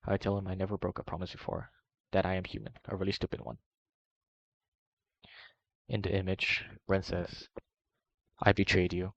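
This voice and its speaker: Deep gravelly man reading flatly. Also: moderate pace, long pauses, dry recording. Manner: steady, even first-person reading. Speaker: reader. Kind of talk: reading a long document aloud. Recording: dry, muffled lo-fi voice recording.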